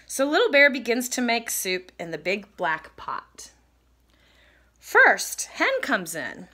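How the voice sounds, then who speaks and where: A woman reading a children's picture book aloud in an animated, sing-song way. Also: mid-range voice, takes it slowly. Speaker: storybook reader.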